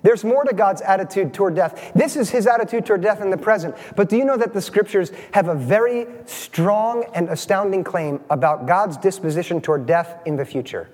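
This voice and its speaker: In a church sanctuary, a male pastor with a high, slightly mellow voice preaches a sermon, engaging the congregation with quick questions. His words ring through the hall with a long reverb.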